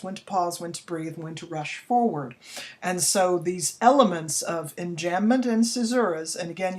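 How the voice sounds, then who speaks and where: A woman teacher talks her students through a poetry lesson in a slightly low voice. She explains in a relaxed, chatty way, with fillers and restarts. When she reads lines aloud, she stretches out the beat to make the rhythm plain. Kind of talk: recorded classroom lesson.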